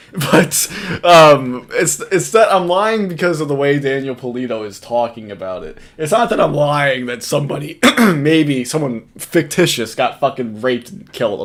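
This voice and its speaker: A man's voice: medium pitch, a bit bright. A man giving casual, profane reaction commentary on a video clip, laughing often and mocking what he watches. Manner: casual, laughing often, profane, repeats clips in mock voices. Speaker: commentary host.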